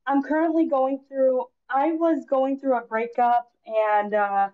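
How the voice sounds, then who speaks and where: A woman's voice: sits high, steady tone, a little slow, narrow, tinny audio. A woman in her twenties calling in to a livestream, speaking hesitantly with many ums. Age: 20s. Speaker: caller. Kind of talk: phoning in to a livestream.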